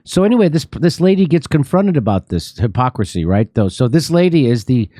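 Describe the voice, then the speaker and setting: A man's voice: mid-range voice, big pitch swings, brisk, dark tone, dry recording, studio quality. Sarcastic, profane male talk-show host. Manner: sarcastic, profane, jokey asides. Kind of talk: political comedy talk.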